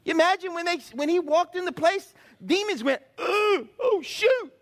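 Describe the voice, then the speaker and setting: A man with a high, bright voice preaches a lively sermon. He acts out little voices and shouts, then drops low and quiet. He keeps calling out to the congregation for answers. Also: a little fast. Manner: animated preaching with acted-out voices and call-and-response. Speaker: pastor.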